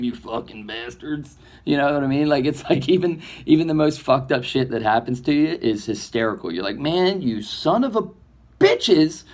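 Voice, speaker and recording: A comedy filmmaker with a voice on the low side delivers a rambling, reflective monologue. As he goes on he grows animated, acting out imagined voices.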